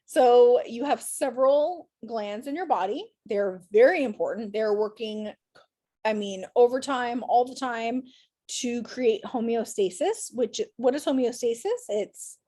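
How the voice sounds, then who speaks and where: A woman's voice: a little high, measured pace, mellow. Upbeat teacher woman, tired voice. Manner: chatty, encouraging, upbeat with students. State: tired voice after a day of teaching. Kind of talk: online class lecture.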